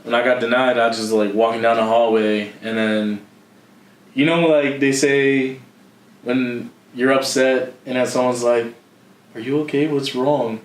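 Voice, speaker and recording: A man's voice: medium pitch, fairly even intonation, unhurried. A young man from Philadelphia, a podcast co-host with that city's accent, telling a personal story in a candid, casual way, laughing and swearing freely. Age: young adult. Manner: candid, laughing, loose with profanity. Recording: echoey room.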